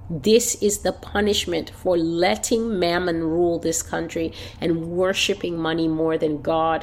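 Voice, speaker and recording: Woman, prophetic preacher, fervent, declaiming, lowish voice. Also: fairly even intonation, unhurried, darkish tone. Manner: fervent, declaiming, repeats phrases for emphasis. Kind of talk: prophecy delivered as a prayer call. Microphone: phone line.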